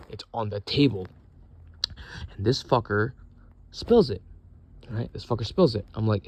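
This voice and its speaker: A man's voice: on the low side, a little slow, pauses often, darkish tone, husky. A young man in the military venting in a casual, profane, exasperated rant. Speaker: military service member.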